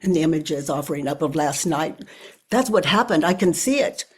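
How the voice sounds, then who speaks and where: An older woman leading a guided self-inquiry, talking slowly and reflectively with pauses and often sinking to a near whisper. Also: low-pitched, animated, slightly rough. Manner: thinks aloud with pauses. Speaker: spiritual teacher.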